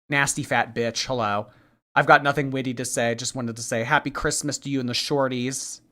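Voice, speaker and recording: A man hosting a livestream, reading viewer messages aloud and answering with quick snarky reactions. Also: medium pitch, sharp tone. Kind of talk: casual livestream chat.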